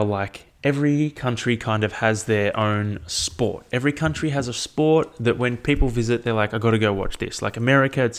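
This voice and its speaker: A man's voice: lowish voice, vocal fry. A young Australian man hosting a solo podcast, rambling and swearing often, sounding tired. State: tired, yawning. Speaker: podcast host. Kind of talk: casual solo podcast chat.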